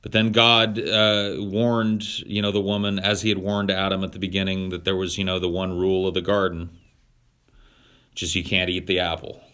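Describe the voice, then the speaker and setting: A man's voice: low-pitched, level tone, moderate pace, pushed and bright, smooth. A man co-hosting a podcast, chatting casually in a profane, irreverent, rambling way with many fillers. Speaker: podcast co-host. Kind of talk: casual chat.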